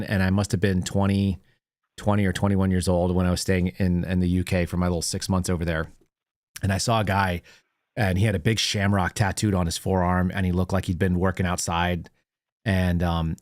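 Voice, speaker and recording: A man's voice: sits low, dry recording, clean studio sound. A man hosting a call-in show in casual chat, a rambling storyteller who laughs easily.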